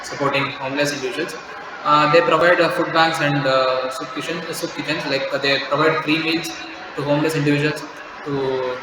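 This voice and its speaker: A young man giving a class presentation, halting with many fillers and restarts. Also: on the high side. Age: young adult. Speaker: student presenter. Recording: very echoey room, loud noise.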